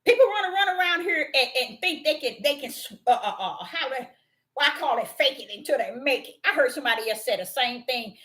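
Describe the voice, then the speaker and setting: High, lively woman preaching on a livestream. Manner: preaching with sudden bursts, exclaims and drawn-out scripture reading. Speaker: preacher teaching scripture on a livestream. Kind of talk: livestream sermon.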